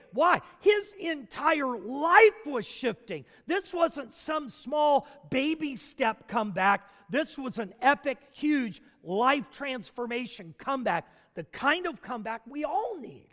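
A man preaching a sermon as a pastor, asking the congregation questions and building to shouts. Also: very high voice, slow pace. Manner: animated preaching with rhetorical questions, rising to shouts. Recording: long hall reverb.

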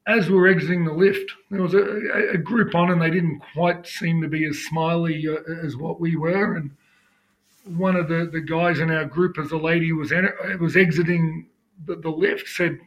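A man's voice: on the high side, fairly even intonation, normal speed. An Australian man co-hosting a sports podcast, chatting conversationally and steering the talk between topics. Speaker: podcast co-host. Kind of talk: casual chat.

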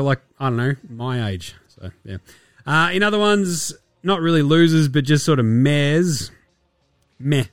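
Sarcastic Australian podcast host. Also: male voice, a little high, dry recording, studio quality. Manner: sarcastic, profane, mimics players in quick asides. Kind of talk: casual basketball chat.

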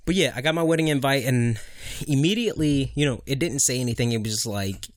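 A man's voice: mid-range voice, quick pace, no room sound, studio quality. A young man co-hosting a podcast, chatting casually and rambling, often laughing and swearing. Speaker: podcast co-host. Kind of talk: casual chat.

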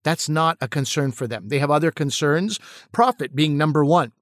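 A man's voice: fairly high pitch, normal speed, no echo, clean studio sound. A middle-aged man co-hosting a casual discussion, talking earnestly and animatedly, often repeating words as he gathers his thoughts. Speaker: podcast co-host and actor-comedian.

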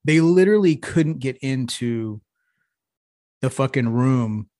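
A man's voice: mid-range voice, animated, slow pace, a little mellow, dry recording, clean studio sound. A man co-hosting a podcast in casual banter, telling rambling stories full of swearing. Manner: rambling storyteller, heavy swearing, says "bro". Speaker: podcast co-host.

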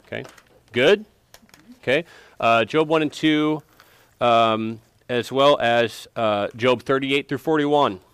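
Bible study teacher, man, quizzes class, emphatic, dry close sound, middle pitch. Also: takes it slowly, long pauses, fairly bright tone, clean tone, no echo. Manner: questioning, emphatic, prods students for answers. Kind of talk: interactive Bible lesson.

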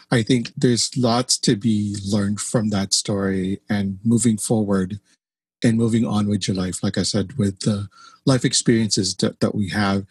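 Husky-voiced podcast host, dry sound. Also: male voice, on the low side, dry recording. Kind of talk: podcast interview.

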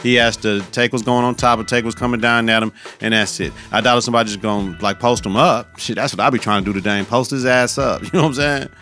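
Male podcast host, casual profane sports talk, mid pitch, faint music underneath. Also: steady tone, fast, few pauses, pushed and bright. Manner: loose, profane, slangy, conversational.

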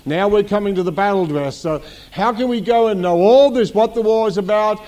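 A man's voice: sits high, a little fast, mellow. A middle-aged man, senior pastor of a church, preaching a teaching sermon to a congregation, repeating key phrases and asking rhetorical questions.

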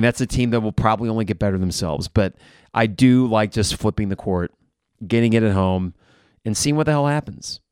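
A man hosting a live game reaction podcast, blunt and frustrated, who swears and flares into shouting. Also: lowish voice, smooth, no room sound, studio quality.

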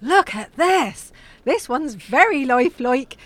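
Cheerful, muddled mum in an audio comedy sketch. Her voice sits high and swoops all over as she chatters on, getting words wrong. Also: lively intonation, takes it slowly, a bit bright, dry recording, heavily acted. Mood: chatty. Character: muddled chatty mum, middle-aged woman.

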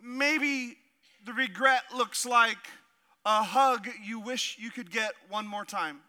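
Bright, high-voiced man preaching a sermon. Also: slow. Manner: animated, humorous asides while reading scripture. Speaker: pastor.

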